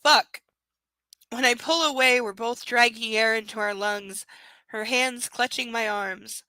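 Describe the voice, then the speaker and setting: A woman reads a novel aloud, stopping often for sarcastic asides and casual swearing. Her voice is high and bright. The recording is dry and close. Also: fairly even intonation, measured pace, clean tone, no room sound, poor audio. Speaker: book reader. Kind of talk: live book reading with sarcastic commentary.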